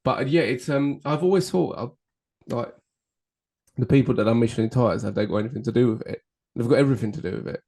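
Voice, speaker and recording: A man, co-hosting a podcast in casual chat, relaxed and trailing off mid-sentence, swearing in passing. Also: medium pitch, quick pace, vocal fry. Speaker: podcast co-host.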